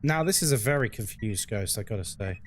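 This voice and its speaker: A man's voice: on the low side, expressive, fairly quick, a little hiss or hum. A young man streaming a ghost-hunting game live, chatting casually with his chat while he plays and reacting to what happens in the game.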